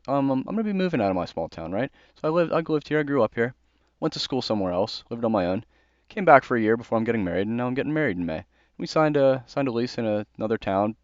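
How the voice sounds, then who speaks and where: A young American man hosts casual, earnest commentary on a book, speaking conversationally with fillers in a mid-range voice. The recording is dull, dry and lo-fi, with no echo.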